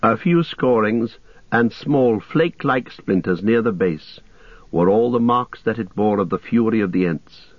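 A male narrator reads a fantasy story in a measured, even manner. His voice is low and dry, and the recording sounds dull and lo-fi. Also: no room sound. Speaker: audiobook narrator. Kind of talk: scripted narration.

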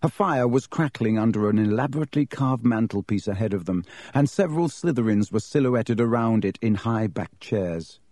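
Male audiobook narrator, even measured reading, dark mellow tone, dry close sound. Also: fairly low pitch, dry recording. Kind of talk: storybook narration.

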